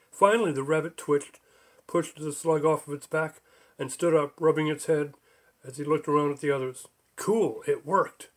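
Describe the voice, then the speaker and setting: A man narrating his own book as an audiobook, in an even, measured reading. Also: a little high.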